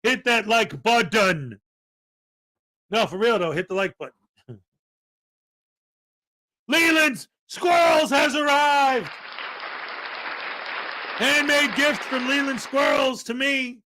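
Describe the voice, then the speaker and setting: A man hosting a casual livestream chat, talking in a loud, playful, jokey way and often shouting. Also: very high-pitched, expressive, slow, pauses often, a faint crowd. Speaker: show host.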